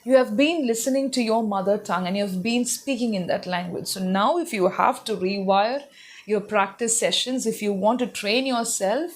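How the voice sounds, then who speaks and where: A young woman teaches English pronunciation in a recorded lesson, pausing to say each word out slowly and clearly. Her pitch sits in a middle range for a woman, and she talks to her learners in a patient, explaining manner.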